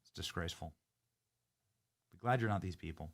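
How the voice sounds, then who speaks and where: A man hosting a commentary show, reacting to a clip in a mocking, indignant way, jumping between loud outbursts and muttered asides. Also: sits low, moderate pace. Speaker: political commentary host.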